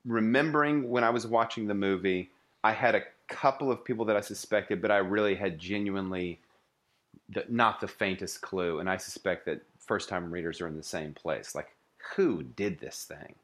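Wry man with a low voice. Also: normal speed, fairly bright tone. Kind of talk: casual book club chat.

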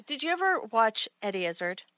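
A woman's voice: fairly high pitch, big pitch swings, a little fast, fairly bright tone, dry recording. A woman in casual chat, talking in a loose, filler-heavy way.

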